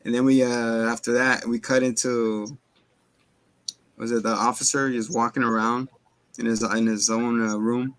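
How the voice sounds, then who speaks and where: A man's voice: mid-range voice, little pitch movement, normal speed, a bit bright, no room sound. A man co-hosting a casual movie review, rambling through the plot and acting out characters' lines. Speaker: podcast co-host.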